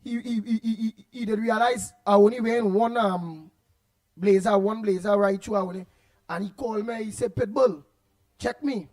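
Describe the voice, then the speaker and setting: A man's voice: high voice, moderate pace, darkish tone. A man hosting a call-in show in a Trinidadian accent, telling stories in Creole with lots of repeated words. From Trinidad and Tobago. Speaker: host. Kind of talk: call-in radio talk.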